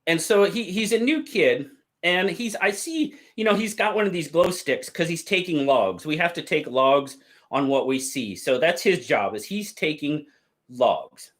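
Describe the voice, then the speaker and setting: A man hosting a livestream, telling stories in a casual, drawn-out way and reading out chat. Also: on the high side, animated, fairly bright tone. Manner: drawn-out, easygoing storytelling with quoted voices. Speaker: livestream host. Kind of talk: casual storytelling to live chat.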